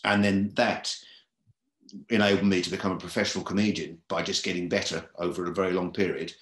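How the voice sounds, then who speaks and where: Deep-voiced man in a roomy echo. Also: flat delivery, a little fast, a bit bright. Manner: rambling, repeats phrases. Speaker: comedy club booker and comedian. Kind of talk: podcast interview storytelling.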